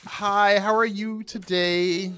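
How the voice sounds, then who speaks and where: High-voiced man streaming a game, cursing loosely. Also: little pitch movement, takes it slowly, clean tone, faint music behind. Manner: loose and profane, shouting in panic during fights. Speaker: live streamer. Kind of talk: casual gaming live stream chat.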